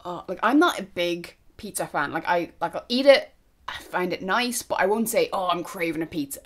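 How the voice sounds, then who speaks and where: A woman's voice: on the low side, expressive, moderate pace. A young Irish woman chatting casually to camera as a vlogger, gushing and now and then dropping to a whisper. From Ireland.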